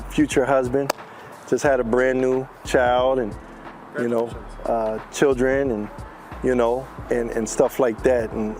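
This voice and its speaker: A shaken man, head of a security team, speaking in a rushed, halting way with many fillers. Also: mid-range voice, a little mellow.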